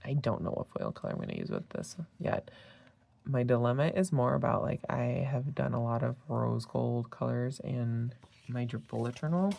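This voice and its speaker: A woman's voice: extremely low pitch, big pitch swings, normal speed, vocal fry, warm tone. A tired woman chatting casually about planner stickers, rambling with fillers and tangents. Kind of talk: casual chat.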